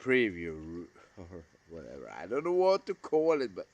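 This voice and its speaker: A man vlogging an emotional, rambling monologue about missing his brother, swearing and swinging between loud outbursts and hushed murmurs. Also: deep voice, wildly swooping pitch, a little slow, dry recording, highs cut off.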